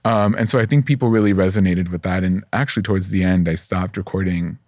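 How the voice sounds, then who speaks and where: A man as a podcast guest, telling personal stories in a candid, profane, animated way and acting out the voices he quotes. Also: sits low, quick pace, no room sound, studio quality. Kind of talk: casual conversational storytelling.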